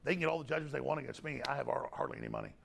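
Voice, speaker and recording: A man's voice: mid-range voice, wildly swooping pitch, very fast, vocal fry, fairly bright tone, breathy edge. A man answering interview questions in a defensive, rambling way and often repeating his words. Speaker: interview guest. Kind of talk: recorded interview.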